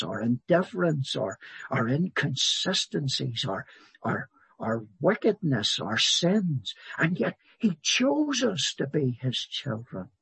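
A man preaching a sermon in a slow, emphatic way, swelling louder on key words. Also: mid-range voice, gravelly, husky, dry recording.

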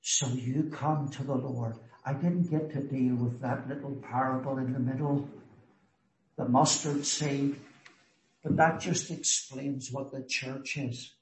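Slow, earnest man preaching in an echoey room. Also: mid-range voice, steady tone, slight background noise. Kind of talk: sermon.

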